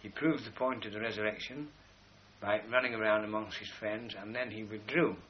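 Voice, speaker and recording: A man's voice: lowish voice, fairly even intonation, a little fast. A man giving a rambling philosophical lecture, pointing to drawings as he explains. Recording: dull lo-fi recording with faint hiss.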